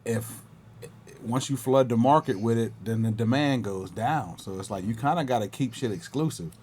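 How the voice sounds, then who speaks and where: A male podcast co-host in casual chat, talking in a rambling, halting way and swearing casually. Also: mid-range voice, a little mellow, soft background music.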